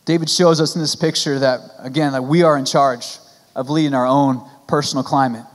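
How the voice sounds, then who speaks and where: A man's voice: mid-range voice, fairly even intonation, brisk. A young man preaching a sermon as pastor, earnest and pleading, with frequent restarts and casual fillers. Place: church sanctuary. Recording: church hall with long reverb.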